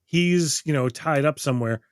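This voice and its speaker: A man's voice: fairly high pitch, normal speed, no echo. Dry-voiced man rambling through a movie review. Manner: rambling, swears casually, acts out quotes. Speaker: podcast co-host. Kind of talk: casual movie review chat.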